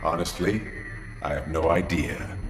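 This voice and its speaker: Lex Luthor, calm menacing mastermind. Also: male voice, deep voice. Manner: calm, measured, quietly threatening. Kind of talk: animated series voice acting. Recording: cartoon clip with reverb and music.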